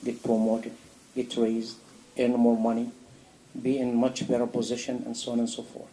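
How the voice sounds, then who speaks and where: Man preaching in a mosque, dark voice. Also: medium pitch, moderate pace, a little hiss or hum, low-quality recording. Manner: animated, acts out a dialogue with God, rhetorical questions. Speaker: imam answering a question. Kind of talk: sermon. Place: mosque hall.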